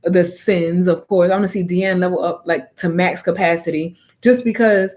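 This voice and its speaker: A woman reviews an anime in a casual vlog. She is animated and emphatic and drops slang freely. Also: fairly low pitch, normal speed.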